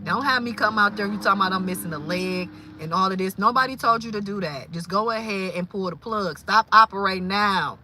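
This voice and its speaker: A woman from Louisiana, hosting a casual livestream and talking in an animated, exclamatory way. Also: medium pitch, fairly quick, hardly any pauses, a little hiss or hum. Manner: animated, exclamatory, incredulous, laughing often. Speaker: livestream host.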